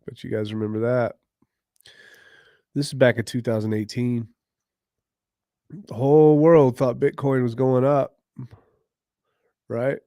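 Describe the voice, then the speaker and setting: A man's voice: medium pitch, steady tone, measured pace, pauses often, mellow, no echo, clean studio sound. Slangy man hosting a laid-back livestream. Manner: slangy, loose, greets viewers by name; clears throat often. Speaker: crypto livestream host. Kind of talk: casual livestream chat, reading viewer comments.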